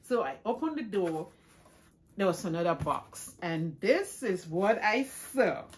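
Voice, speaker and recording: A middle-aged woman chatting casually in a home vlog, exclaiming excitedly while she opens gifts. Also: medium pitch, unhurried, a little hiss or hum. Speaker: vlogger.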